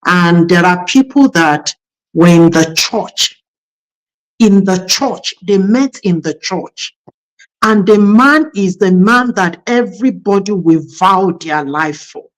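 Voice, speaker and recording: A woman's voice: on the low side, animated, takes it slowly, rough recording. A woman, a pastor hosting a conversation about marriage, telling anecdotes in a reflective way with many fillers. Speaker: pastor and host.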